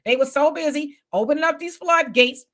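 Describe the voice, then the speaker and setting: Woman host on a livestream, high pitched and bright, emphatic, loose chatty talk. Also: a little fast. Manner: emphatic, fires off rhetorical questions; loose conversational street talk. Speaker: commentary host. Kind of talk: livestream commentary.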